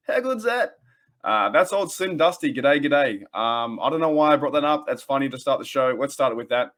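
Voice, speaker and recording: A man's voice: medium pitch, lively intonation, normal speed, a bit bright. A man with an Australian accent hosting a casual podcast, rambling and joking with lots of fillers and restarts. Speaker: podcast host.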